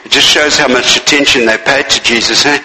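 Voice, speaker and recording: A man's voice: mid-range voice, fairly even intonation, brisk, sharp tone, echoey room, big-room sound, low-quality recording. A male preacher giving a sermon in a church, repeating key phrases and asking his listeners rhetorical questions.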